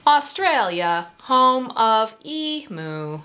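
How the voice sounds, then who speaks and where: A woman reads a children's picture book aloud at an unhurried pace. Her voice is high and swoops widely up and down. She pauses to ask the young listeners questions. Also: slight background noise. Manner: expressive, sing-song, asks listeners questions. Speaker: story time reader.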